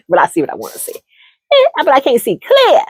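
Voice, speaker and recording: A woman's voice: high-pitched, no room sound. A woman telling a story and giving relationship advice in a casual monologue, laughing often and calling listeners honey.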